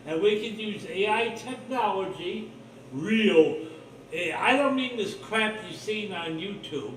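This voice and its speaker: A man's voice: sits high, a little slow, distant mic, a little hiss or hum. A man hosting his own livestream, talking in a rambling, blunt, profane monologue full of suspicion. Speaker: livestream host. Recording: roomy echo, voice off-mic, faint ambience.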